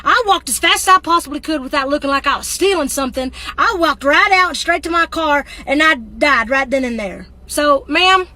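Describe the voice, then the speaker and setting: High, bright woman, apologetic story. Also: lively intonation, normal speed, few pauses. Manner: embarrassed, apologetic, dramatic. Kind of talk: casual storytime.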